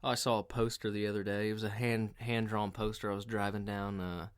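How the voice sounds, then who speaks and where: A man's voice: lowish voice, flat delivery, fairly quick. A man hosting a podcast, telling casual comic stories in a profane, rambling, mocking way. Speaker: podcast host. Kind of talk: casual comedic storytelling.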